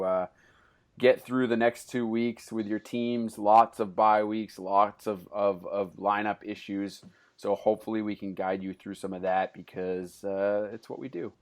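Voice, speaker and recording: A man's voice: on the low side, a little mellow. A man hosting a casual podcast chat, talking loosely with plenty of fillers and restarts. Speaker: podcast host.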